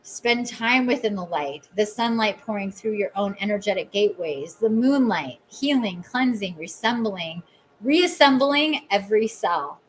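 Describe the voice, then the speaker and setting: Slow-spoken woman guiding a meditation. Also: medium pitch, expressive, a little hiss or hum, rough recording. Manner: incantatory, lingering on repeated phrases; openly emotional, self-mocking asides. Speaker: podcast host and oracle reader. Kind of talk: channeled oracle reading and guided meditation.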